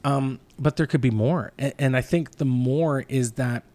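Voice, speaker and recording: A man's voice: mid-range voice, unhurried, a little mellow. A man in his thirties, a pastor, talking earnestly in a casual chat, rambling with many restarts.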